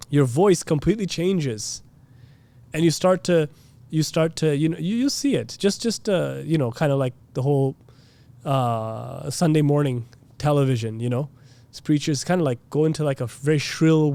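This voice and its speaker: A man's voice: fairly high pitch, moderate pace, dark tone. A man giving a casual religious lesson, chatty and full of "you know" and "like", now and then mimicking preachers. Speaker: Islamic teacher. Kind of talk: casual classroom lecture.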